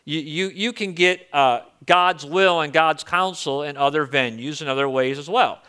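Bright-voiced male pastor preaching. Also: fairly high pitch, normal speed, clean tone. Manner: conversational, repeats words when restarting. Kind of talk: sermon.

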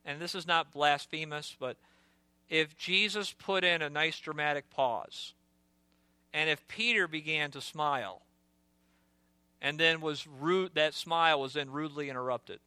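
A man preaching a sermon as pastor, earnest and direct, sometimes dropping to a hushed voice for storytelling asides. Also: on the high side, unhurried, clean tone, no room sound.

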